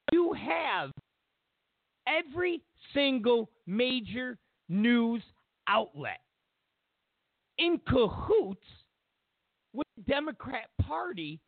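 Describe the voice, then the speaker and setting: Gravelly, animated male commentary host. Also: extremely high pitch, dry recording. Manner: emphatic, repeats and lists points, sarcastic asides. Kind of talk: opinionated political monologue. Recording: tinny phone-like dry sound.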